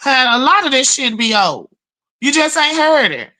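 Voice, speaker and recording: A woman's voice: high-pitched, normal speed. A woman hosting a casual livestream, telling stories, cussing freely and greeting viewers in chat. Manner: profane, animated storytelling with chat shout-outs. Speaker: livestream host.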